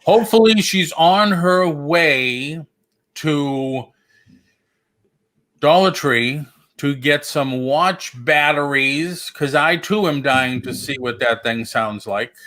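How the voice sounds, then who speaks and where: Bright-voiced man chatting casually. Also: mid-range voice, slow pace. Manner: jokey, rambling, lots of restarts. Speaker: host. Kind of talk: casual livestream chat.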